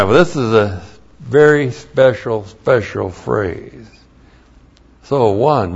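A man teaching a Bible lesson slowly and emphatically, repeating each key point. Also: mid-range voice. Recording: dull lo-fi recording.

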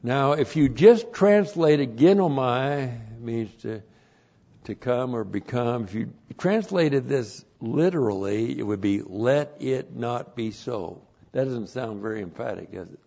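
A male pastor teaching a passage word by word, spelling out Greek terms and bursting into loud emphatic phrases. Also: medium pitch, expressive, measured pace, vocal fry, dull audio. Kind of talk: expository Bible teaching.

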